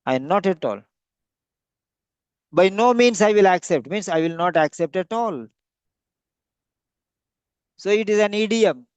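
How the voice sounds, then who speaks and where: A man's voice: high-pitched, animated, measured pace, long pauses, clean tone, no room sound. A man giving a classroom lecture, repeating and stretching key words for emphasis. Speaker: English teacher.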